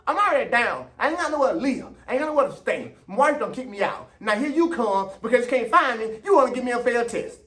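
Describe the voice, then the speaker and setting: A man hosting his own video show, a runner, rants passionately to the camera, repeating his points and stretching out words for emphasis. His very high-pitched, slightly bright voice is extremely animated and fast, with hardly any pauses.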